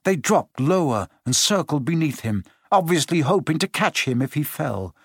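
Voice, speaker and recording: Expressive male audiobook narrator. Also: a little high, moderate pace, breathy edge, no echo, studio quality. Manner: expressive storytelling with shifting pace. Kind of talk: scripted narration.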